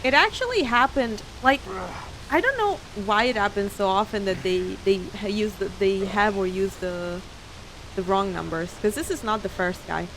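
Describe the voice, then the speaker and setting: A woman's voice: mid-range voice, normal speed, fairly bright tone, slight background noise. A woman streamer chatting casually while playing a game, laughing often and swearing freely.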